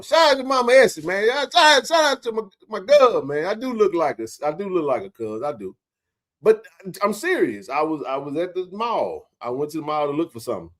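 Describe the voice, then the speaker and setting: A man, hosting a casual sports live stream and joking with his chat. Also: on the high side. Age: 40s. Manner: joking, animated, talks to chat readers. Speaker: sports talk stream host.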